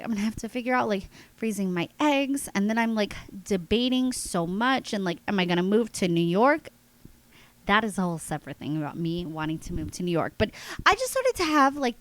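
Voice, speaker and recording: A woman's voice: mid-range voice, dry recording, rough recording. A woman in her thirties hosts her own podcast, telling a long personal story in a loose, chatty monologue. Her nose is congested, and she laughs easily as she talks to her listeners. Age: 30s. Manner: chatty, animated, laughs often, addresses listeners as guys. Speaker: podcast host.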